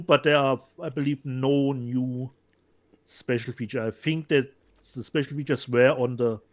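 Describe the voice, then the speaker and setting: Halting man co-hosting. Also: mid-range voice. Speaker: co-host. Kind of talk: casual chat about disc releases.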